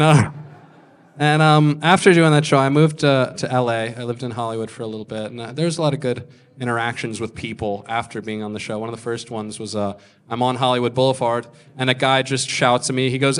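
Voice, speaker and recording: A man's voice: mid-range voice, smooth. A man in his thirties telling stand-up stories, crude and self-mocking, slipping into other people's voices. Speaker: stand-up comedian. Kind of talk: stand-up storytelling.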